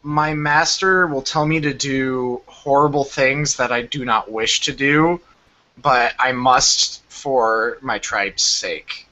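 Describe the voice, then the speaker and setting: A man's voice: medium pitch, fairly even intonation, slow pace, pushed and bright, a little hiss or hum, rough recording. A man voicing a banished goliath warlock, speaking in a brooding, solemn first person.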